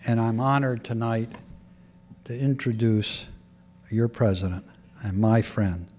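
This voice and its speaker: A man formally introducing a speaker at a dinner, speaking slowly and deliberately. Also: on the low side, flat delivery, darkish tone, a little hiss or hum. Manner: slow, deliberate.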